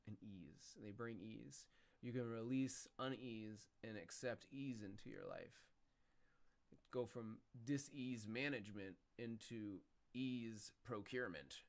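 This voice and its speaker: A man rambling and musing as he chats to viewers on his live stream. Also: on the low side. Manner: rambling, musing, talks to chat. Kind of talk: casual live-stream chat.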